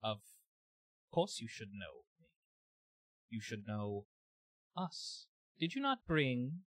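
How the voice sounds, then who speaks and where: A man voicing a faceless, many-eyed alien entity that speaks slowly and haltingly in a knowing, questioning way. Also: mid-range voice, sing-song, fairly bright tone, no echo, exaggerated voice. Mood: insistent.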